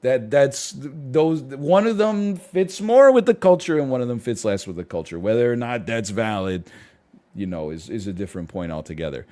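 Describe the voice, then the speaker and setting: A young man talks through an argument on his live stream, weighing one side and then the other as he thinks aloud. His pitch rises and falls a lot. He sounds casual and animated. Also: normal speed. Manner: animated, thinks aloud, argues both sides.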